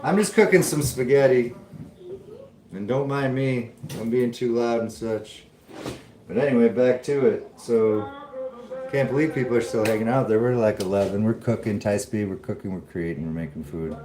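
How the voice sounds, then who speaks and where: A man's voice: medium pitch, normal speed, background noise. A man hosting a live cooking stream from his home kitchen, rambling casually to viewers as he cooks. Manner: laid-back, rambling, talks to viewers while cooking. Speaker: livestream host cooking. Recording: roomy sound with clear music behind. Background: blues or country music playing.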